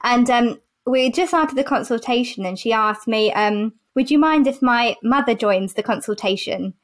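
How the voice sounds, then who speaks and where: A woman doctor chatting casually, telling an anecdote with lively energy. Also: fairly high pitch, normal speed. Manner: animated storyteller who laughs often. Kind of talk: casual podcast chat.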